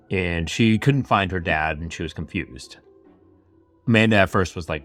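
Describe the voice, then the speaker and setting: Male podcast host, very low voice, casual chatty true-crime retelling, faint music underneath. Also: a little slow, a bit bright. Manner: chatty retelling full of "like" and asides. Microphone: camera-facing setup.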